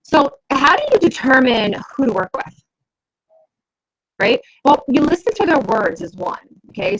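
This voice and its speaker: A woman business coach talks to camera in a high voice with a breathy edge, giving instruction conversationally and regularly checking in with the listener. The recording is dull and lo-fi.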